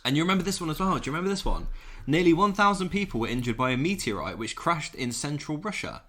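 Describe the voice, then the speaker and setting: A man's voice: medium pitch, pushed and bright. A man in his thirties co-hosting a podcast, reading out news items and cracking jokes between them. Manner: jokey, reads out news items with asides. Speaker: podcast co-host. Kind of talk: casual chat.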